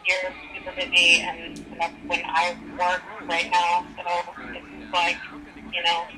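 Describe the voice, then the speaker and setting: A woman's voice: fairly low pitch, completely flat delivery, slow pace, pushed and bright, slight background noise, poor audio. A woman in casual chat, telling a story in a rambling, giggly way.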